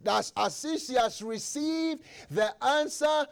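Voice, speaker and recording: A man's voice: very high-pitched, slow, creaky. A male preacher giving an impassioned sermon, retelling a story with lots of repetition.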